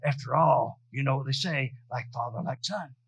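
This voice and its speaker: A man voicing a sneering male devil who taunts him in a low, hushed voice. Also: moderate pace, vocal fry, breathy edge. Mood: taunting.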